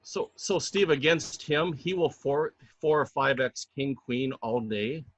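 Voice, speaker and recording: A man's voice: medium pitch, a little slow, no echo. Man on a video call, confident poker read, dry muffled audio. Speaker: poker group member. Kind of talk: casual chat on a video call.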